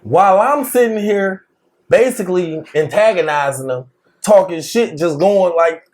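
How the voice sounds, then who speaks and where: A man telling a wild story in casual chat, slangy and animated, laughing often and acting out the quotes. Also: sits high, a little slow. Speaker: podcast co-host telling a story.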